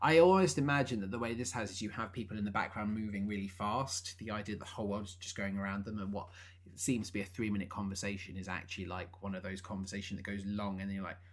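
A man's voice: on the low side, fairly even intonation, fast talker. Enthusiastic man chatting. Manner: enthusiastic, bursts into sung quotes. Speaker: podcast co-host. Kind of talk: casual chat reviewing a musical.

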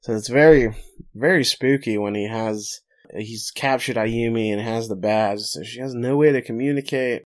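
A man's voice: medium pitch, moderate pace. Man, mid-range voice, podcast host, plot recap, laughs often. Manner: narrates plot, then jokes and laughs. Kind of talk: casual recap chat.

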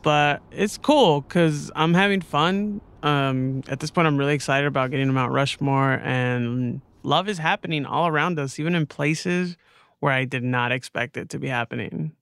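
A man's voice: on the high side, normal speed, a bit bright, clean tone. A man joking his way through a scripted comedy as its narrator and lead. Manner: joking, casual.

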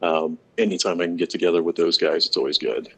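A man from Florida answering interview questions in a relaxed, hesitant way with lots of ums. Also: low-pitched, fast, breathy edge. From Florida, USA. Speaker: interview guest, pipe maker.

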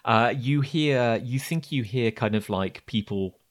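A man narrating a tabletop game as game master, describing scenes haltingly with many fillers. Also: mid-range voice. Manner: hesitant, filler-heavy describing.

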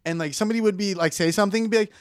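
A man's voice: high voice, racing, dry recording, studio quality. A young man, rambling through dating anecdotes in a casual podcast chat. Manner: rambling anecdotes full of fillers. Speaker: podcast co-host.

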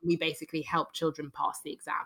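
A woman with a London accent, a guest on a podcast, telling stories in a lively way and laughing as she talks. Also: low voice, quick pace. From London, England. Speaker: podcast guest, singer and tutor. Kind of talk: conversational interview.

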